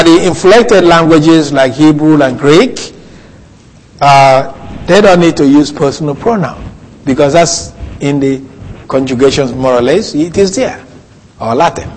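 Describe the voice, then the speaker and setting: A man preaching a Bible teaching sermon, slow and deliberate, lingering on key words. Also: on the high side. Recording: long reverb of a hall.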